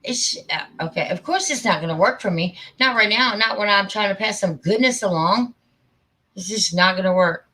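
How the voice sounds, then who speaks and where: A woman's voice: medium pitch, expressive, normal speed, sharp tone, husky. A woman hosting a casual live stream, chatty and a bit flustered as she fiddles with her settings. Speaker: livestream host.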